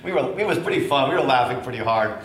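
A middle-aged man preaching as a bishop, telling a personal story in an animated way and acting out the voices. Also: medium pitch, quick pace. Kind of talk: storytelling sermon. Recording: echoey room with faint noise.

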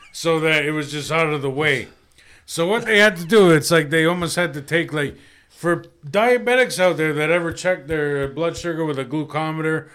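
A man with a bright, slightly high voice tells a crude story on a comedy podcast. He swears freely and gets animated as he goes. It is casual chat between friends. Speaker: podcast co-host.

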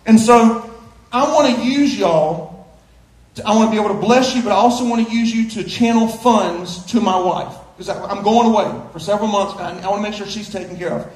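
A pastor preaching in a church sanctuary, his voice sitting unusually high for a man. He talks in a folksy, playful way and rises to loud emphasis at key points. The big room gives his voice a roomy echo. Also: a little fast. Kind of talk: sermon with live illustration.

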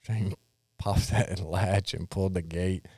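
Low-voiced man, plainspoken storyteller, dry studio sound. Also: fairly even intonation, slow pace, a little mellow, husky, dry recording. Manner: drawling, plainspoken, swears casually. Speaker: rodeo livestock worker telling stories. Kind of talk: casual storytelling chat.

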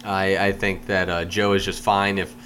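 Male co-host with a very low, forceful voice, blunt, faint noise behind. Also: little pitch movement, moderate pace. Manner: blunt, short agreeing replies. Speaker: podcast co-host. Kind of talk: casual podcast chat.

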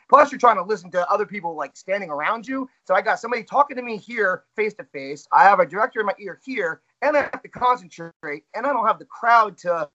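A man, a ring announcer, chats through an interview with candid, self-critical honesty. His voice sits high and sounds bright and forward. The audio is muffled and lo-fi. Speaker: wrestling ring announcer and commentator, guest. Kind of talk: casual interview chat.

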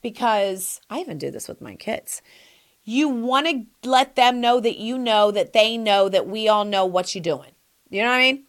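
Sassy, lively-voiced woman podcast host. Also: mid-range voice, normal speed. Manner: sassy, emphatic, talks straight to the listener. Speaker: podcast host answering listener questions. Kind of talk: casual advice chat.

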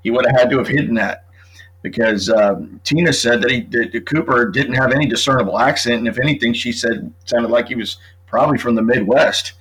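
A man's voice: mid-range voice, brisk, a bit bright, slightly rough, rough recording. A middle-aged man, an author appearing as a guest, talking casually and laying out his argument point by point. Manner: talkative, builds his case point by point. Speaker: author and true crime guest. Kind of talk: casual podcast conversation.

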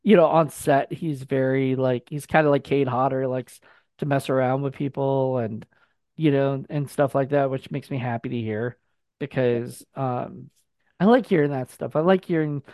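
A man's voice: medium pitch, fairly even intonation, normal speed, darkish tone, dry recording. A man in casual chat, telling rambling anecdotes full of fillers and restarts.

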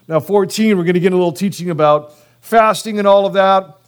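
High-voiced pastor preaching casually. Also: male voice. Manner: animated, conversational preaching with acted-out dialogue; casual slang, quick bursts. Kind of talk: sermon.

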